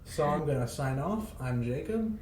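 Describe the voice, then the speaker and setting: A man's voice: fairly high pitch, lively intonation, moderate pace, darkish tone, reverberant, slight background noise, rough recording. A young American man hosting a podcast, chatting casually with dry, joking asides. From United States. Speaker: podcast host. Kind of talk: casual chat.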